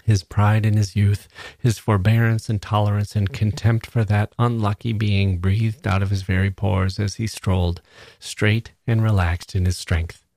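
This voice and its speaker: A man giving measured, even narration of a literary novella, recorded close on a studio mic. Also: fairly low pitch, no echo. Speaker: reader.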